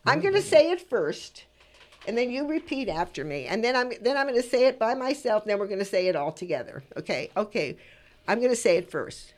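A woman hosts a talk radio show from the studio and tells her stories with lively feeling. She keeps turning to speak to the listeners directly. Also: fairly high pitch, a little fast. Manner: animated storytelling, addresses listeners directly.

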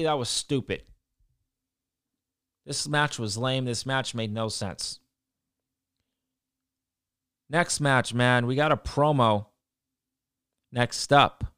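A man's voice: mid-range voice, fairly bright tone, clear, resonant tone, no room sound, clean studio sound. A man giving a casual, blunt recap of a show, swearing freely and ranting about what he disliked. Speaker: wrestling show reviewer.

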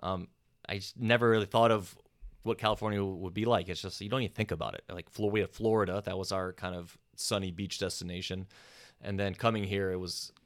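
Man, from the american south, casual chat, relaxed, chuckling, lowish voice. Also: a little fast. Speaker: conversation participant.

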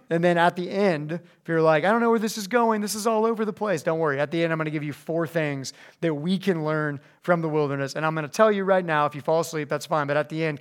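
A young man giving a casual, animated sermon to high school students, slipping into voices as he reads scripture. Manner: animated, conversational, acts out voices when reading scripture. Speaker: youth pastor. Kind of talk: youth sermon.

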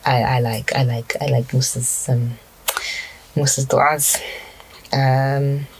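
Husky-voiced young man musing. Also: medium pitch, flat delivery, takes it slowly, poor audio. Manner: hesitant, rambling, many restarts and fillers. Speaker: speaker reflecting on personal prayers. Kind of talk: casual reflective monologue.

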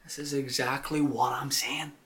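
A woman playing a stubborn shopkeeper with a Derry accent, who gives flat, deadpan replies. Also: a bass voice, moderate pace, very noisy.

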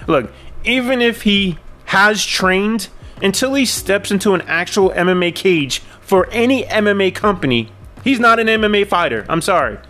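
A man's voice: high voice, animated, moderate pace, sharp tone. A man hosting his own podcast, ranting bluntly and sarcastically, swearing when worked up. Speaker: podcast host.

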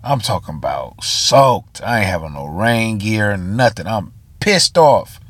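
A man's voice: on the low side, big pitch swings, unhurried, a bit bright, no room sound. A tired man, telling a story on a casual solo podcast with slang, fillers and asides to listeners. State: tired, yawning. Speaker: podcast host.

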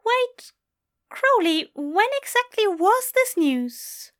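Aziraphale, a woman playing a shrill fussy male angel. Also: big pitch swings, slow, a bit bright, full character voice. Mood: amused. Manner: shrill, flustered, exclaiming.

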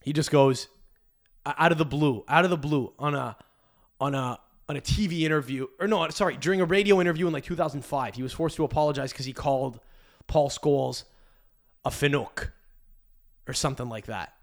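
A man's voice: a little high, fairly quick. Crude rambling male podcast host. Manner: crude, rambling, restarts a lot. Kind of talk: casual rant.

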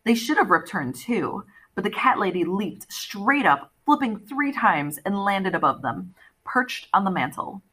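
A woman narrating an audiobook in the first person, with lively, expressive storytelling. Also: mid-range voice, unhurried, slightly rough.

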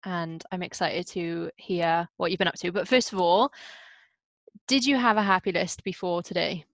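A woman's voice: on the low side, steady tone, moderate pace, fairly bright tone, dry recording. A young woman hosting a casual podcast chat over a video call, chatty and teasing, speaking into a headset. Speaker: podcast host.

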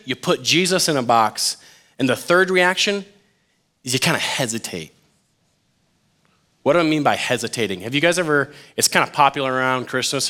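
A man preaching a casual, conversational sermon as a youth pastor, joking with his listeners and acting out the stories. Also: medium pitch. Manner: animated and jokey, acts out quotes, addresses listeners as "you guys".

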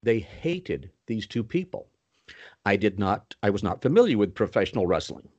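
An older man telling stories as an interview guest, animated, with sudden pitch swoops. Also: normal speed, muffled recording. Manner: puts on Southern voices for quoted people. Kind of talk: storytelling in a podcast interview.

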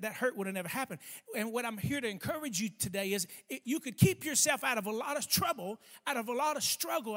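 A man preaching a sermon, speaking emphatically, stretching key words slowly and calling for responses from the congregation. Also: high voice, fairly bright tone. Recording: long hall reverb.

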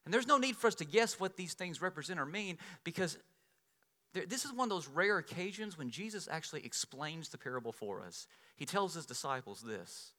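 A man preaching a sermon, telling a personal story with lively swings between loud and soft delivery. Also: a little high, fairly quick, long reverb tail. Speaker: pastor.

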